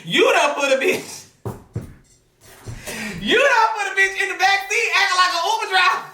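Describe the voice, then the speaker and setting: A woman hosting a gossip commentary show, talking loudly and teasingly and laughing often. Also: very high-pitched, moderate pace, reverberant, slight background noise. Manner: loud, laughing, animated and teasing.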